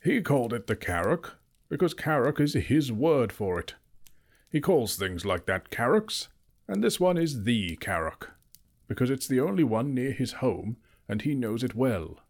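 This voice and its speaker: A man's voice: medium pitch, big pitch swings, unhurried. A man reading aloud, voicing an old male wizard who lectures emphatically and turns cross easily. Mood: stern.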